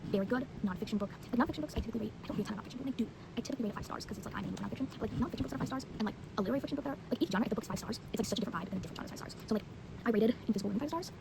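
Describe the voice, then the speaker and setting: A woman's voice: fairly high pitch, very fast, creaky, noisy background. A teenage girl chatting casually about books she has read, rambling with lots of fillers and blunt opinions. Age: teens. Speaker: vlogger. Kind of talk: casual book review chat.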